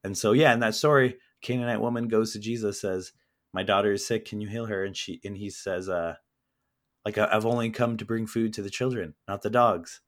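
A man with a fairly low voice answers interview questions. He speaks earnestly, in a measured and reflective way, as a guest talking about his book. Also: steady tone. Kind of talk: conversational interview.

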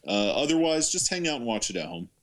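A man's voice: medium pitch, big pitch swings, fast talker. A man co-hosting a podcast, making analytical, argumentative points about films in casual chat. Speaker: podcast co-host. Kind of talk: casual movie review chat.

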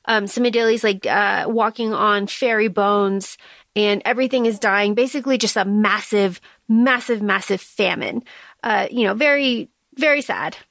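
A woman co-hosting a casual book-club podcast, retelling scenes in a chatty, animated way with fillers. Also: mid-range voice, moderate pace, gravelly, no room sound. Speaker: podcast co-host.

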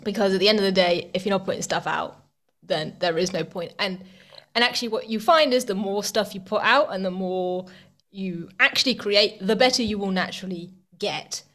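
A woman's voice: mid-range voice, moderate pace, fairly bright tone. A woman who is a podcast guest, talking conversationally and laughing often as she answers. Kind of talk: casual interview.

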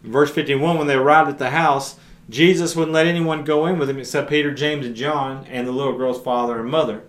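A man's voice: mid-range voice, steady tone, a little fast. Earnest man preaching in an echoey room. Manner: earnest, retells scripture in plain everyday words. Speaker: podcast preacher. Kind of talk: conversational Bible teaching. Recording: roomy echo.

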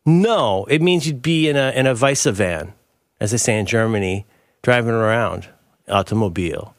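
Playful middle-aged man, lively riffing. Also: lowish voice, moderate pace, no echo, studio quality. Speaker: podcast co-host. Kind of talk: casual chat.

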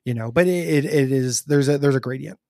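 A man co-hosting a casual gaming podcast, talking in halting bursts with fillers, restarts and frequent laughs. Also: medium pitch, gravelly, warm tone, dry recording, clean studio sound. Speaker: podcast co-host. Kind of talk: casual chat.

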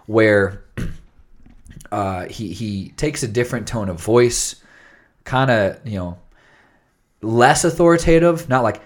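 A man's voice: medium pitch, unhurried, pauses often. A man hosting a casual podcast chat, explaining at length with many fillers and restarts.

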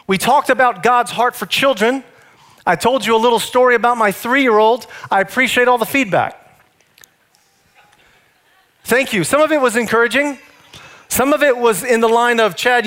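A male pastor with a high, light voice delivers a sermon. He talks in a conversational storytelling manner and speaks to his listeners directly. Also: moderate pace, long pauses, fairly bright tone.

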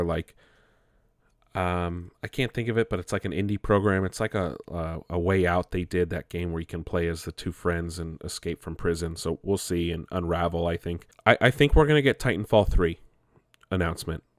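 A man's voice: sits low, no echo, studio quality. A man giving casual, rambling commentary, often restarting his sentences and swearing offhand. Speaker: gaming commentator.

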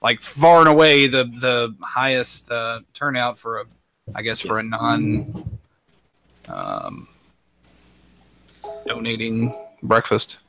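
A man co-hosts a podcast with a bright, forceful tone, cracking wry jokes. He often stops and restarts before the point lands. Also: medium pitch, expressive, vocal fry, a little hiss or hum. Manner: wry, jokey, halting starts. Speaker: podcast co-host. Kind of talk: casual chat.

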